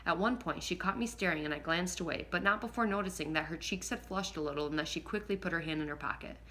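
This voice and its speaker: A woman narrating a first-person audiobook in a lively, expressive way, now and then slipping and rereading a line. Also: on the low side, quick pace, slight background noise. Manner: lively, expressive reading with occasional slips and rereads.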